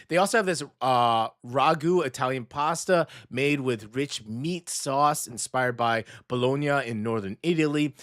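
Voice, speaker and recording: An American man hosting a casual radio food segment, chatty and animated, often correcting himself mid-sentence. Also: medium pitch, no room sound, clean studio sound. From United States. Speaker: radio host. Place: radio studio.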